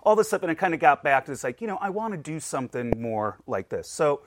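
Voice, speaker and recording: A man's voice: a little high, very animated, fast, noisy background. An American man answering interview questions about his museum career, easygoing and a little rambling. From United States. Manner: easygoing, rambling, laughs often. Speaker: museum director of collections.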